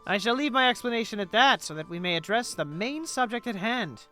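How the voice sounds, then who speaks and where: An enormous ancient sea spirit speaks in formal, measured, old-fashioned sentences, voiced by a man reading game text. The voice is bright and clear. Faint music plays underneath. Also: high voice, animated, pitched above the performer's own voice. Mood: stately. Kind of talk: reading game dialogue aloud on stream.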